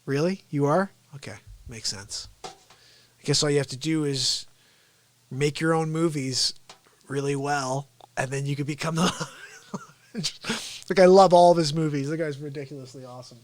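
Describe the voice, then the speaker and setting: A man hosting a casual livestream, talking in rambling quick asides. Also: fairly high pitch, fairly even intonation, dry recording. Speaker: host and impressionist.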